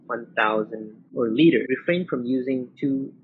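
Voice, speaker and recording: Methodical male lecturer at mid pitch, spelling symbols letter by letter; dull lo-fi recording. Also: measured pace. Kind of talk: recorded lecture over slides. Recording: muffled old recording with faint hiss.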